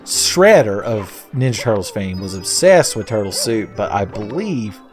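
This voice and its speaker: A man's voice: on the low side, very animated, measured pace, faint music behind. A young man hosting a let's play, giving casual gameplay commentary full of sarcastic, profane, rambling jokes.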